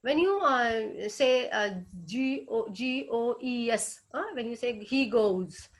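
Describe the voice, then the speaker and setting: A woman with an Indian English accent giving an online phonetics lecture, hesitating often and repeating sounds slowly to demonstrate them. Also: on the high side.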